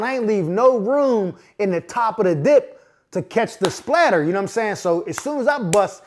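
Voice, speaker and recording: A man in his forties from Pittsburgh, telling a comedic personal story in casual slang with frequent asides to the listener. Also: sits high. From Pittsburgh, USA. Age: 40s. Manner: animated, slangy, acts out the people in his story; frequent asides of "you know what I'm saying". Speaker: podcast host.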